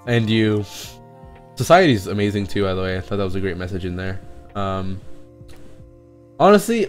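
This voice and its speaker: A young man rambling in a casual live stream chat, excitable and swearing, often breaking into laughs and going off on tangents. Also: on the low side. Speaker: streamer reacting to a music EP. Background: faint music playing.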